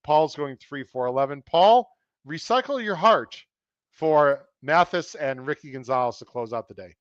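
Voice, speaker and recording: A man chatting casually as a podcast co-host, breaking down race picks in an analytical way. His voice is smooth and resonant, recorded dry and close with a slightly dull, lo-fi tone. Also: a little high, animated, moderate pace, dry recording. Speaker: podcast co-host handicapping horse races. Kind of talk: casual chat.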